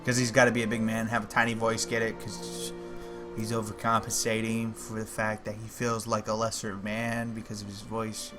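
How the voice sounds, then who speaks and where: A man livestreaming a fantasy game, reading the game's text aloud with slow, measured narration and breaking off into wry, joking asides. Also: lowish voice, completely flat delivery, over music. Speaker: game streamer.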